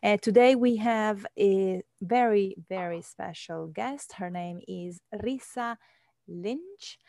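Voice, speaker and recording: Slow Italian-accented woman host. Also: mid-range voice, creaky, dark tone, no room sound, clean studio sound. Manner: hesitant, with many fillers. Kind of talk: interview.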